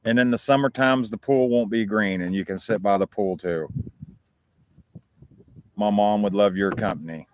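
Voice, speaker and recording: American guy w a low voice, rambling and cussing on his talk show, dry sound. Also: moderate pace, pauses often, dry recording. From United States. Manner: rambling, profane, chatty. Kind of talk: rambling casual chat to viewers.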